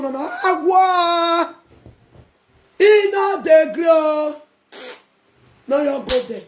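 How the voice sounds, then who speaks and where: A woman with a Nigerian Pidgin accent ranting defiantly in a casual live video, breaking into laughter and sudden shouts. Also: very high voice, expressive, takes it slowly, pauses often, reverberant. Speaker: vlogger.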